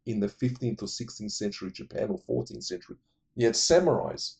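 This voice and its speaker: A man's voice: mid-range voice, vocal fry, dark tone, slightly rough. A man casually retelling a film plot, rambling and swearing, losing his thread now and then. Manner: acts out the characters' lines in quick impressions.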